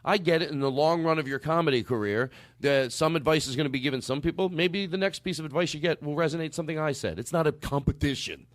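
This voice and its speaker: A man's voice: a little high, quick pace, few pauses, no room sound, clean studio sound. A middle-aged man hosting a comedy podcast with guests, joking loosely, swearing, and running mock-serious bits. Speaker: podcast host.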